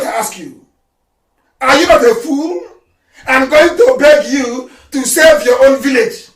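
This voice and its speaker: A man delivers a fiery radio address, shouting, mocking and scolding. His voice sits high. It comes through echoey and distant, well off the mic. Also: measured pace. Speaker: political activist broadcaster.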